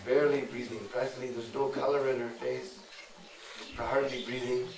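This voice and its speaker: A man telling a devotional story dramatically, hushing and swelling, heard in an echoey, distant recording. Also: mid-range voice, level tone, moderate pace, slight background noise. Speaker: storyteller preacher.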